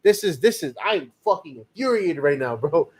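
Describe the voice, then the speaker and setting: Man, high-pitched, heated profane ranting, live reaction chat. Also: lively intonation, moderate pace, breathy edge. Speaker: co-host of a live fight reaction show.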